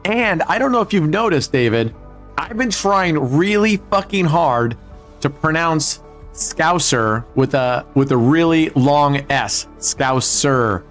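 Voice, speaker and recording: A man's voice: fairly high pitch, animated, measured pace, fairly bright tone. A man hosting a live casino stream, chatting casually with viewers, joking and swearing. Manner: joking, profane, talks to chat viewers. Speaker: livestream casino host. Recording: faint music behind.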